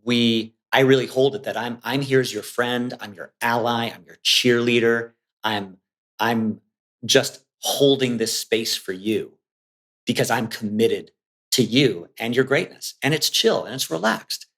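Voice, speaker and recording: Man, podcast guest, casual chat, animated, acts out quotes, mid-pitched voice. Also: unhurried. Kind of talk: casual conversation.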